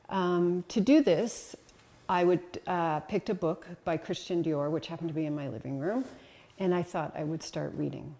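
A woman's voice: lowish voice, a little mellow. A woman presenting a talk with slides to an audience, conversational and encouraging, with frequent ums and uhs. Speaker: lecturer.

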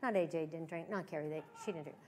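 A woman giving a sermon as a guest preacher, telling stories with animated emphasis that swings from hushed to loud. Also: deep voice, fast. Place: church service.

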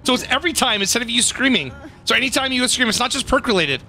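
A man giving casual, excitable gameplay commentary as a gaming YouTuber, swearing and laughing often. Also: very high voice, fast.

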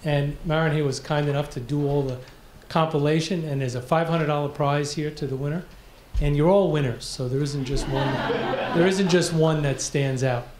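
A man moderating a pitch competition, speaking in a chatty, jovial storytelling manner. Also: steady tone, normal speed, few pauses, darkish tone. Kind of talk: wrapping up a live pitch competition, telling a joke. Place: conference room. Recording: echoey room with background noise.

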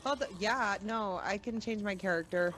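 A woman's voice: medium pitch, a crowd in the background. A woman chatting playfully with friends while they play a game on stream, tossing out short quips. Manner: playful, quick one-liners. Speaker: co-player on stream. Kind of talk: casual live-stream chat.

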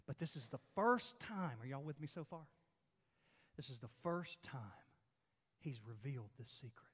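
A man's voice: mid-range voice, expressive, moderate pace, a bit bright, breathy edge, in a large hall. A man preaching a sermon as pastor, with an emphatic, repetitive delivery. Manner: emphatic, repetitive preaching with rising and falling force. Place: church sanctuary.

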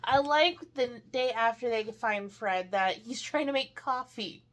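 A woman in a casual movie-review chat who adds short, halting remarks about favorite scenes. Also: on the high side.

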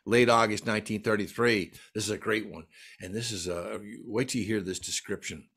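A man's voice: fairly low pitch, fairly even intonation, fairly quick, fairly bright tone. A man giving a folklore lecture at a library, enthusiastically reading out lists of dates and sighting reports. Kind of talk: lecture presentation.

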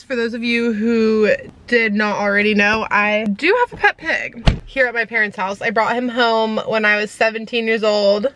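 A woman's voice: on the high side, fairly bright tone, a little hiss or hum, rough recording. A woman, chatting casually to a handheld camera in a vlog, laughing at herself. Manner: chatty and self-deprecating, quick to laugh. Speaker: vlogger and flight attendant. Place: out and about, at home and outdoors. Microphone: camera with flip-up screen at arm's length.

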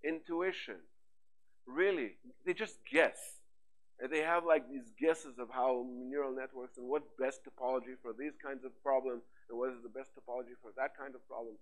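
A man giving a conference talk on AI, lively and rhetorical, with frequent fillers and restarts. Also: mid-range voice, normal speed, low-quality recording. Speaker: conference speaker. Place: conference hall.

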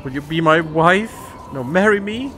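A man's voice: a little high, lively intonation, moderate pace, fairly bright tone, soft background music. A man hosting a let's play, giving casual sarcastic commentary while he plays and swears freely.

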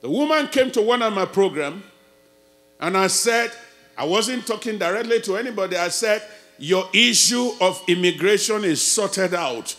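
A man preaching a sermon as pastor, who swings from quiet storytelling to loud shouted preaching. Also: high-pitched, expressive, moderate pace.

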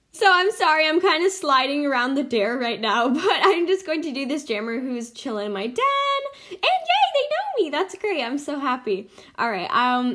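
A woman's voice: on the high side, pushed and bright. A young woman hosting casual game commentary, bubbly and giggly, swinging between squeals and mutters. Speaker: gaming channel host.

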